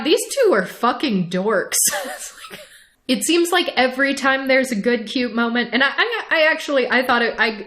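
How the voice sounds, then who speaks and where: A young woman co-hosting a podcast, recapping a show in a casual, animated way, laughing often and restarting her sentences. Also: mid-range voice. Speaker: podcast co-host.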